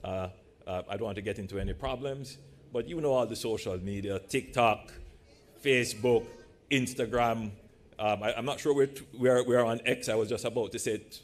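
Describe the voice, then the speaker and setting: A man from Jamaica, a politician giving a measured, deliberate speech to a live audience in a large church hall, with playful asides. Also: medium pitch.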